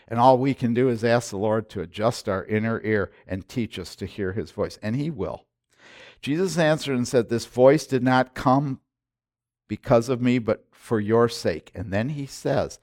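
A man's voice: medium pitch, moderate pace. Man preaching with dynamic emphasis. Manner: swings from loud emphatic lines to hushed, quiet ones. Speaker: pastor. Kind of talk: sermon.

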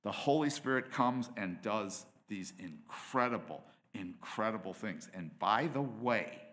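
A middle-aged man delivers a sermon in a bright, forceful voice. He is impassioned, climbing to loud, emphatic peaks and then falling to near-whispered asides. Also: on the low side, lively intonation, a little slow. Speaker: preacher.

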